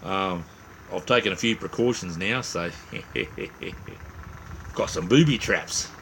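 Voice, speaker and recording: A man's voice: sits low, slow pace, fairly bright tone, a little hiss or hum. An Australian man hosting a late-night livestream, rambling casually to viewers with lots of fillers and friendly slang, tired from little sleep. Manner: rambling and laid-back, heavy on "mate" and "um". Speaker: livestream host. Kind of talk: casual live-chat with viewers.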